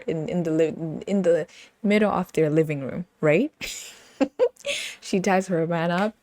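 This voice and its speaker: A woman's voice: low-pitched, a little mellow, no room sound. A woman with a British accent hosting a podcast, chatting casually and playfully, laughing often and breaking into sing-song bits. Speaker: podcast host. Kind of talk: casual chat.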